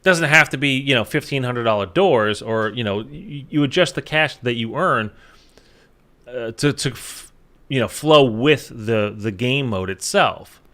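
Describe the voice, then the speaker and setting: A man's voice: mid-range voice, a little slow, bright, forceful tone. A man talking casually to his viewers about a game as a YouTuber, rambling with lots of fillers and the odd swear, tired from little sleep. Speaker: gaming YouTuber.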